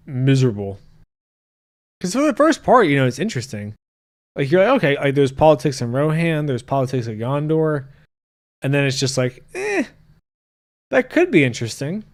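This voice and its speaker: A man hosting a casual podcast, ranting and joking crudely while reading his live chat. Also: mid-range voice. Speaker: podcast host.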